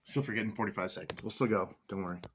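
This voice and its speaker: A young man, a vlogger and musician, chats casually in a lowish voice at a racing pace over background noise. He playfully teases his dog and tells loose, profane stories, laughing as he goes.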